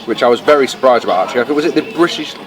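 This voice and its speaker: A man co-hosting a casual podcast, chatty and swearing casually, recorded in a fast-food restaurant. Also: medium pitch, animated. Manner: chatty, swears casually, talks while eating. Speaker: podcast co-host. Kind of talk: casual chat. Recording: noisy crowded restaurant. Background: busy restaurant crowd chatter.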